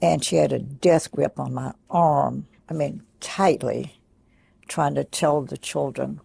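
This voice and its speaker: An older woman quietly recounting a personal memory in a soft, halting way with many pauses. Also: low voice, steady tone, vocal fry, breathy edge. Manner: soft-spoken, pausing, many fillers. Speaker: interviewee. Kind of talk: personal recollection.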